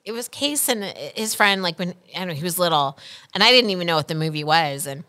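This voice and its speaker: A woman co-hosting a podcast in casual chat, rambling and animated, laughing often. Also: on the low side, fast talker. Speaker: podcast co-host.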